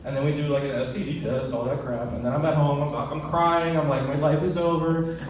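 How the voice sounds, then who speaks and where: A man's voice: medium pitch, steady tone, fast, heavy reverb, recorded from a distance, slight background noise. A young man telling crude, rambling self-deprecating stories in an open mic stand-up set at a comedy club.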